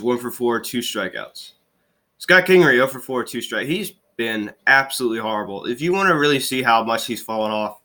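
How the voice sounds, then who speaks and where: A man's voice: medium pitch, sharp tone. Frustrated, sniffly young male sports fan. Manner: frustrated, exasperated ranting. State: stuffy, sniffling from allergies. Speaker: fan vlogger recapping games. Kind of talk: casual ranting game recap.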